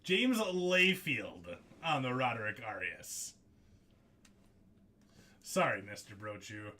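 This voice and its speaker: A man hosting a live card break, excitable and jokey, laughing often as he calls out hits. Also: mid-range voice, slow pace, a little hiss or hum. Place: studio.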